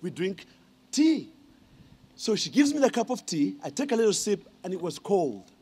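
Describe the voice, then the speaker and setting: A man's voice: high voice, very animated, a little fast, darkish tone, slightly rough. A man, giving a humorous ceremonial speech and teasing the audience with questions. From Uganda. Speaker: honorary degree recipient giving a speech.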